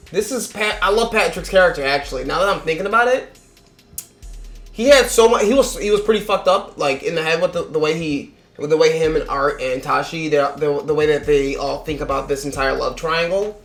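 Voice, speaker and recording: A man's voice: a little high, normal speed, fairly bright tone, reverberant, faint music behind. A man giving a casual, rambling film review, swearing freely and acting out the characters' lines in mock voices. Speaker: movie reviewer.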